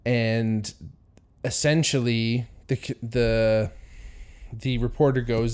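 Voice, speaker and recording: A man hosting his own podcast, telling a story casually at a middle pitch. He rambles with plenty of "you know" and "um", and he slips into quoted voices with small chuckles. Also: fairly even intonation, moderate pace, darkish tone. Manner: rambling, many fillers, acts out quotes with chuckles. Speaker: podcast host.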